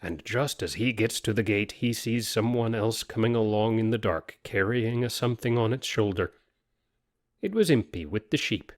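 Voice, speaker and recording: A man's voice: mid-range voice, moderate pace, no echo, studio quality. A man narrating a story aloud in a folksy, rustic dialect. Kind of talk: storytelling reading.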